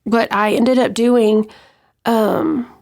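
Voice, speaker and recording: A middle-aged woman from West Texas recounting her own story in an interview, hesitant with many pauses and restarts. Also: a little high, fairly even intonation, creaky, darkish tone. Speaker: interview guest. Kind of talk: personal account in an interview.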